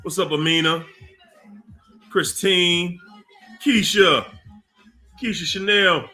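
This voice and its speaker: A man hosting a casual livestream, slowly reading out names from the chat with warm laughs. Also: high voice, steady tone, faint music behind. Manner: slow, drawn-out shout-outs with laughs. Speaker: livestream host.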